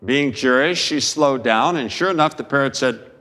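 A man preaching a sermon as a pastor, slow and deliberate, with dramatic pauses. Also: medium pitch, pushed and bright, long reverb tail.

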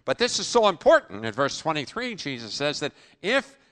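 A man preaching a sermon, emphatic, with sudden loud bursts, sudden quiet drops, and rhetorical questions he answers himself. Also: on the high side, big pitch swings, normal speed, clear, resonant tone.

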